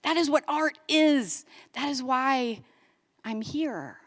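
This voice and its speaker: Animated woman speaker in echoing hall. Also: high-pitched, takes it slowly. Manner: animated storyteller, lively quoted voices, builds to exhortation. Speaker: conference speaker. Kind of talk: inspirational talk with storytelling. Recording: long hall reverb.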